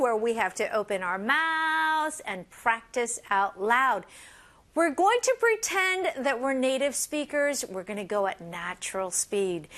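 A woman's voice: a little high, a bit bright. A young woman teaching an English lesson, explaining phrases and switching between English and Korean. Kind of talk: bilingual language lesson.

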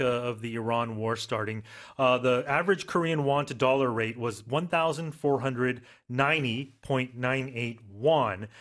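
A man's voice: mid-range voice, a bit bright. A man co-hosting a news explainer, breaking down economic terms in an easygoing way with frequent fillers. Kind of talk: casual news explainer for learners.

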